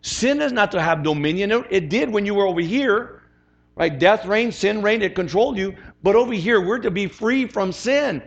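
A man's voice: high voice, lively intonation, moderate pace, vocal fry, muffled recording. A man preaching as a pastor, conversational and emphatic, often repeating his phrases. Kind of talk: sermon.

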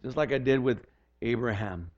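A man's voice: medium pitch, moderate pace, darkish tone. An older man preaching a sermon as pastor, earnest and often repeating words as he restarts his sentences. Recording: dull lo-fi recording.

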